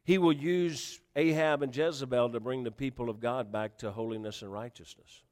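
A man preaching a sermon, animated and emphatic, with frequent repetitions and rising questions. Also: mid-range voice, moderate pace, in a large hall. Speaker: pastor.

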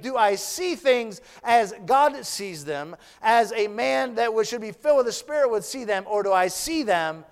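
A man preaching a sermon as pastor, drawing out phrases that trail off softly. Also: high voice, clean tone, in a large hall. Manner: preaching cadence, drawn-out phrases trailing off soft. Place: church.

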